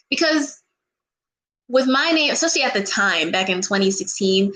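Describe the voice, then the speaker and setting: Young woman vlogger, somewhat high voice, bubbly and giggly, casually answering viewer questions. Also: fairly quick, a bit bright, low-quality recording. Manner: bubbly, giggly, gushing, sings snatches of songs. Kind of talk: casual chat.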